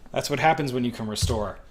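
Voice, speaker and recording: A man's voice: mid-range voice, a little hiss or hum. Wry man narrating a game playthrough. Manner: wry, reads game text aloud. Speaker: podcast host playing a game. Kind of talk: casual let's-play commentary.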